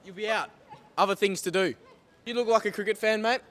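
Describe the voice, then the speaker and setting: Man, vox-pop host, high voice, fast patter, outdoors on a city street. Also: fairly even intonation, fairly bright tone, a faint crowd. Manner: upbeat, teasing questions. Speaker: street interviewer.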